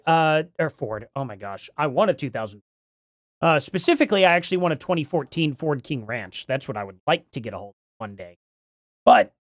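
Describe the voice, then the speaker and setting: A middle-aged man hosting a casual livestream, thinking out loud and reading chat aloud, with lots of ums and restarts. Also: on the high side, no room sound, studio quality. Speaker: livestream host.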